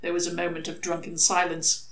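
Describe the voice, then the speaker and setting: A woman reading a comic novel aloud, expressive and lively. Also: on the low side, fairly quick, gravelly. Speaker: reader. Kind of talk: audiobook-style novel reading. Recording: echoey room.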